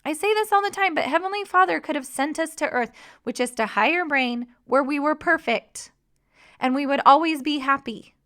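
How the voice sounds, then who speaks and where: A woman hosting a podcast, talking in a warm, encouraging coaching tone. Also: sits high, moderate pace. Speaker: podcast host and mission coach. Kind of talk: podcast monologue.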